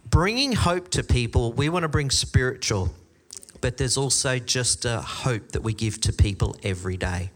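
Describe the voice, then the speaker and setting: A man's voice: medium pitch, normal speed. Australian man preaching a sermon. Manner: storytelling, animated quoted voices. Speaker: pastor.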